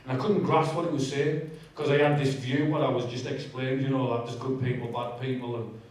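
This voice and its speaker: A man's voice: mid-range voice, fairly even intonation, a little fast, darkish tone. A man giving a candid, conversational personal testimony with humour in a large church hall. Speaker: guest speaker giving testimony. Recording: very echoey hall, distant mic.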